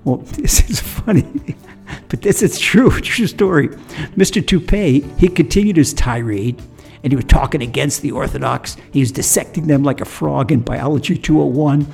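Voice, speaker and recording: A man's voice: fairly high pitch, vocal fry, darkish tone, breathy edge. A man telling a folksy story that turns into a sermon, chuckling now and then as he goes. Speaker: storyteller and religious teacher.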